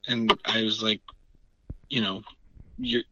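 A comedian man in casual chat, talking in a laid-back, halting way. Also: fairly low pitch, big pitch swings, vocal fry, sharp tone, no room sound. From Canada. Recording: dull, muffled sound.

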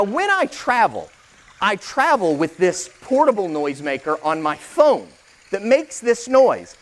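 A middle-aged male pastor giving a conversational sermon, demonstrating his points with props. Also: sits high.

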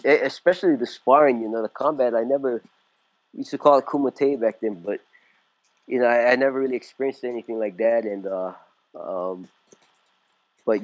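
A California man in his sixties, a martial arts instructor, tells his story as a guest in a casual interview, rambling with lots of fillers and restarts. His voice is lowish and a little mellow, on a dry but low-quality recording.

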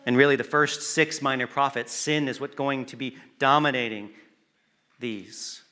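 A man preaching a sermon, earnest and emphatic, pausing to stress words and sometimes restarting a phrase. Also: mid-range voice, sharp tone.

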